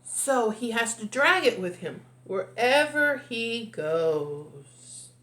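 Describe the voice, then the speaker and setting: A woman reading a picture book aloud, slow and expressive as a storyteller. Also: on the high side. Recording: echoey room.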